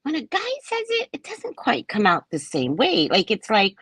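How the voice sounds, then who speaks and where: A woman's voice: on the high side, moderate pace, breathy edge, dry recording, poor audio. A woman in her sixties, a psychic host, chatting casually to viewers and acting out the people in her stories. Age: 60s. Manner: animated, chatty, acts out quotes. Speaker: psychic reader and live host.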